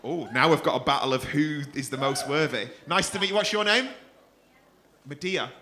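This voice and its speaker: Male compère on a club stage, high bright voice, cheeky sweary audience banter. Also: moderate pace. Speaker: comedy club host. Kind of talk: stand-up crowd work.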